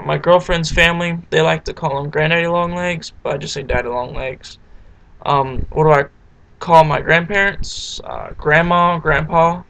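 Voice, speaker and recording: A man's voice: on the high side, creaky, low-quality recording. A young man with a Southeastern Virginia accent, casually reading out questions and answering them with lots of ums. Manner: relaxed, many fillers like um.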